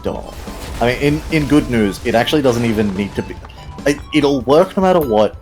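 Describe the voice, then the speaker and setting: A man's voice: medium pitch, animated, a little fast, a little mellow, soft background music, rough recording. A man chatting while gaming, self-deprecating and swearing freely. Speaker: gaming companion. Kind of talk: casual chat while gaming.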